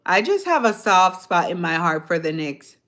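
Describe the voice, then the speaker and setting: A woman hosting a livestream speaks at normal speed in a fairly low, sing-song, rather bright voice with a light Jamaican accent. She talks casually and wanders, chuckling a lot and questioning her viewers.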